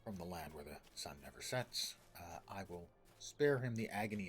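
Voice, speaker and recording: A man's voice: low voice, lively intonation, moderate pace, few pauses, soft background music. Chatty man commenting on gameplay. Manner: joking, chatty, reads game text aloud. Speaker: streamer.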